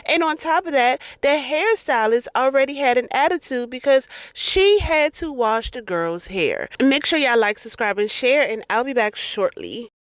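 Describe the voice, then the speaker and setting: A woman's voice: sits high, sing-song, normal speed, hardly any pauses, no echo. A woman in her thirties hosting a reaction commentary, emphatic and full of rhetorical questions. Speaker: commentary host.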